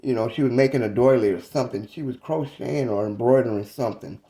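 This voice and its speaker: Guy in his 30s telling a story about his mom, warm low-key voice, pauses and restarts a lot. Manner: reflective, halting, casual. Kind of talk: personal storytelling.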